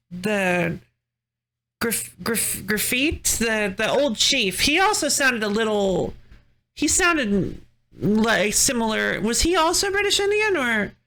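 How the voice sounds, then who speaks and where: A woman game streamer gives casual let's-play commentary in a fairly high, slightly bright voice. She muses and thinks aloud with curiosity.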